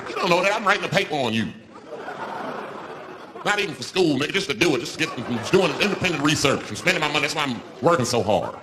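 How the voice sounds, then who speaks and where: Animated, profane male stand-up comic. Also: on the high side. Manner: loose, profane, animated storytelling. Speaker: stand-up comedian. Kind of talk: stand-up comedy routine. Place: stage before a live audience. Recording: noisy live stand-up recording.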